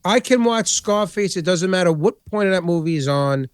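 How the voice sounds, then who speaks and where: A man's voice: high voice, normal speed, clean tone, no room sound, studio quality. A man co-hosting a podcast, chatting casually about movies and retelling scenes with lots of swearing and energy. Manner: profane, animated retelling of scenes. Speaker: podcast co-host.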